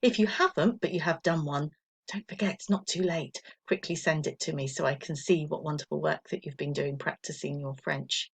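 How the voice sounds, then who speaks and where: A woman teaching a recorded French lesson to primary school children, patient and encouraging, counting slowly for pupils to repeat. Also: low voice, gravelly, breathy edge.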